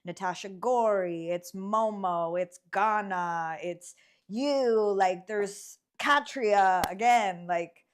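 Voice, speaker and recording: A woman hosting a casual interview chat, playful and animated, often humming agreement while her guest talks. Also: mid-range voice, slow pace, clean tone. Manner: animated, playful, frequent backchannel hums. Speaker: host.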